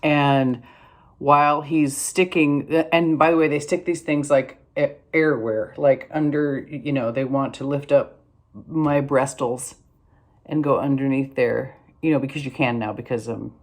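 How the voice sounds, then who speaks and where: A woman's voice: very deep voice, fairly even intonation, a little slow. A tired older woman telling a rambling, wry story in a casual vlog, with lots of fillers and restarts. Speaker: vlogger.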